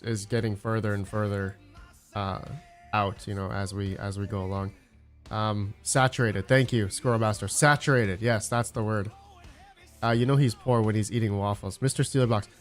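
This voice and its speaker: A man casually chatting on a livestream about crypto mining, rambling and searching for words, with frequent fillers and answers to chat messages. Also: on the low side. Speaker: crypto mining channel host.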